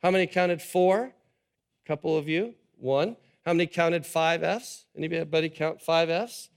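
A pastor preaching a sermon to a live congregation, animated and quizzing the audience. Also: male voice, a little high, a little slow, vocal fry, smooth. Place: church service with a live audience.

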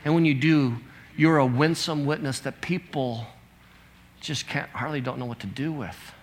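A man's voice: medium pitch, moderate pace. A pastor in his fifties gives an earnest, conversational sermon, reading out scripture as he goes.

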